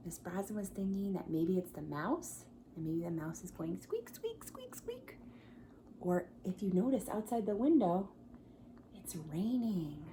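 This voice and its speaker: A woman's voice: mid-range voice, moderate pace, a little hiss or hum. A woman who teaches pre-K, reading a picture book aloud to young children at home, acting out the animal sounds and asking them to join in, sometimes dropping to a whisper. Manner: drops to a whisper at quiet moments. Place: her home, by a coffee table.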